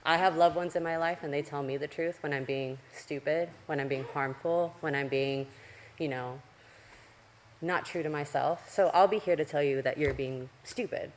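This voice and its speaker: A woman's voice: low voice, normal speed, a little hiss or hum. An agitated woman giving a blunt, profane public comment at a council meeting, her heart racing with anger. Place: council chamber.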